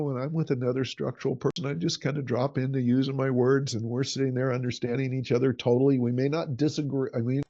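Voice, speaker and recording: A man teaches a workshop at a middle pitch, earnest and explanatory, often repeating a word as his sentences build. The recording sounds dull and muffled, as if its top end were trimmed. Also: dark tone. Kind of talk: teaching talk.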